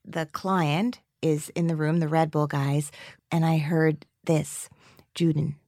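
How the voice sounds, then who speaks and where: A woman hosting a podcast, chatting casually with a guest and dropping wry, deadpan quips. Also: low-pitched, slow, no room sound, clean studio sound. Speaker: podcast host. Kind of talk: casual interview chat.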